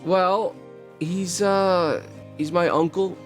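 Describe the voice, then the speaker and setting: A man's voice: high-pitched, steady tone, slow pace, faint music behind, voice pushed up. A man voicing Perry, a timid, nervous young shop helper who stammers and apologizes.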